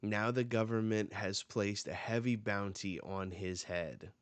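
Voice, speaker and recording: A man's voice: lowish voice, measured pace, no echo. A man hosting a live reaction, reading comic dialogue aloud and reacting as he goes. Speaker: manga reaction host.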